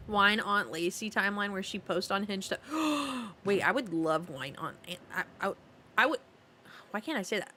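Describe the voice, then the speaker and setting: A woman with a mid-range voice streams a horror game, chatting playfully and giggling often as she talks to her viewers in casual live-stream banter. Background noise can be heard.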